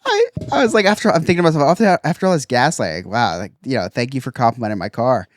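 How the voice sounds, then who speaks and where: Lively, laughing male podcast co-host. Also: medium pitch, fast talker, no echo, studio quality. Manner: animated storytelling, frequent laughter and restarts. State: resting an injured ankle. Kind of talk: casual chat.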